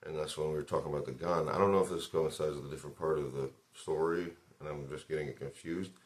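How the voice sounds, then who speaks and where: A man with an extremely deep, low voice recounts a story in a relaxed vlog. He wanders through it casually, swearing often and leaning on fillers as he goes. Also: fast. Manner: rambling, profane, loose retelling full of fillers. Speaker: vlogger.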